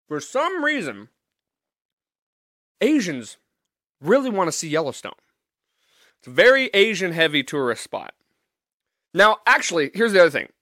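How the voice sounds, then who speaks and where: A man's voice: fairly high pitch, pushed and bright, no echo, studio quality. A man hosting a podcast, delivering a profane, sarcastic comedic rant in a casual monologue. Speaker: podcast host.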